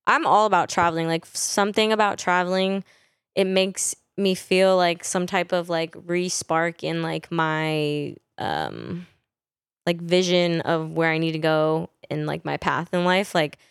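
A young woman from Northern California chats on a podcast in a blunt, profane way, laughing easily. Her voice sits low for a woman, smooth and clear. The sound is dry and close, with no room around it. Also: unhurried, dry recording. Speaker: podcast guest. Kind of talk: casual podcast chat.

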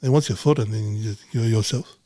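Blunt, swearing man, husky and mellow. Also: on the low side, a little fast, no echo. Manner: blunt, swears freely, acts out dialogue. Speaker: podcast guest, businessman. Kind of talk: casual conversation.

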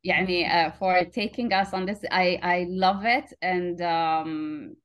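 A woman's voice: fairly low pitch, steady tone, measured pace, fairly bright tone. Enthusiastic woman host exclaiming often. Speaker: interview host. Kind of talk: casual interview.

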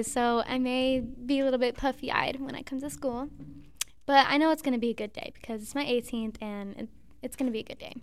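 A woman's voice: high voice, fairly bright tone, smooth. A young woman in her late teens hosting a casual chat in a classroom, rambling and filling with "like". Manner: chatty, rambling, lots of "like". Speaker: host.

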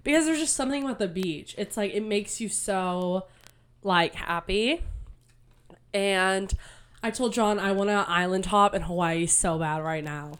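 Bubbly chatty young woman, slightly raspy. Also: mid-range voice, measured pace, fairly bright tone. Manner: bubbly, chatty, full of "like" fillers. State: slightly raspy from a recent cold. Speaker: podcast co-host. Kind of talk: casual chat.

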